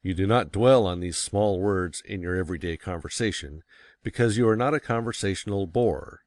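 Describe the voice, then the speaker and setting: Deep-voiced man reading an old text. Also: a little mellow, no room sound. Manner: measured, stresses key words. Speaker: narrator. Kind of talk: audiobook reading of a classic text.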